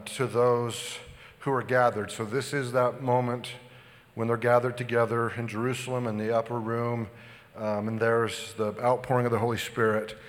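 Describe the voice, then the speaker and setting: Man, pastor preaching, a bit out of breath, loose and halting delivery, church reverb. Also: medium pitch. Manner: relaxed, halting with many restarts. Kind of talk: sermon.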